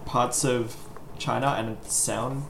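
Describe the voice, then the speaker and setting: A man who works as a coffee roaster, chatting casually as a podcast guest, halting and restarting often. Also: mid-range voice, steady tone, creaky, fairly bright tone, slight background noise. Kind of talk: casual chat.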